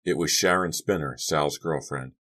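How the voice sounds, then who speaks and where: Male audiobook narrator, very deep voice, steady and dramatic read. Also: moderate pace. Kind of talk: scripted narration.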